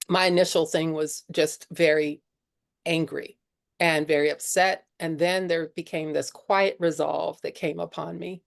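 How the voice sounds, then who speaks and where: A woman's voice: low-pitched, vocal fry. A middle-aged woman leading a spiritual discussion group, sharing her own story in an earnest, conversational way with many "you know"s. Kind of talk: candid personal sharing talk.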